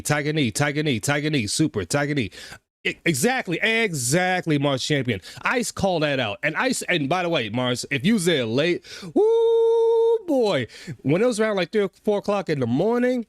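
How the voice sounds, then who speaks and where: A man's voice: medium pitch, no room sound, clean studio sound. A man hosting a casual reaction commentary, talking to chat and scolding a streamer with exasperated repetition.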